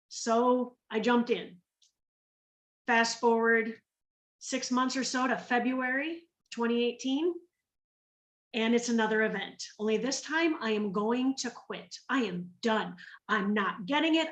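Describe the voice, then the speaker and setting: A woman's voice: on the high side, measured pace, roomy sound, recorded from a distance. A woman from Minnesota telling her story to an online group, acting out the voices of the people she quotes. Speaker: guest speaker on a training call.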